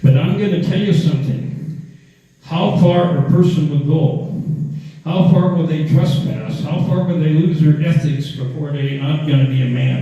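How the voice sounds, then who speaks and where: A man's voice: on the high side, mellow. Folksy older man with a rural Alaskan accent, echoey. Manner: rambling, folksy, with many restarts and fillers. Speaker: former borough assemblyman. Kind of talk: casual storytelling monologue. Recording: echoey, muffled room sound.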